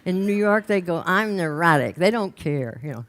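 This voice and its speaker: Low-voiced woman telling a lively story. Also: normal speed. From Los Angeles, United States. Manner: lively storyteller, mimics the people she quotes. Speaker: workshop leader telling a story from her groups. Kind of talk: anecdotal storytelling talk.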